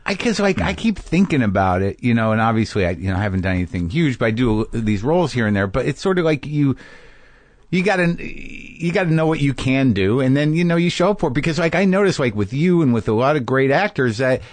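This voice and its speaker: A man hosting a podcast interview, talking casually and haltingly with many restarts. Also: medium pitch, lively intonation, no room sound. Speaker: podcast host.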